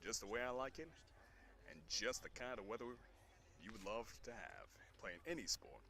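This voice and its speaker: Male sports commentator, hushed golf-style delivery, bright tone, outdoor boom mic with faint noise. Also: lively intonation, moderate pace. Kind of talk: soft-spoken live play-by-play commentary. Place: outdoors at a baseball field.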